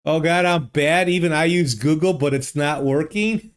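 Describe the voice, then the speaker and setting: A man with a fairly high voice talks at a normal speed into a desk microphone. He's live-streaming a geography guessing game, musing out loud and casually answering his viewers' chat.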